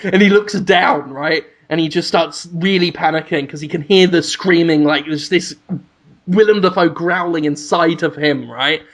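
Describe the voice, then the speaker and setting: A man co-hosting a comedy podcast, pitching a made-up film in a rambling, animated way. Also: normal speed. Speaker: podcast co-host. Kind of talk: comedic storytelling chat.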